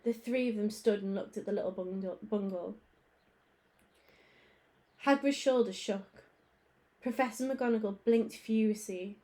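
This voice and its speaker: A primary school teacher, a woman, reading a children's book aloud with clear, expressive storytelling. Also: mid-range voice.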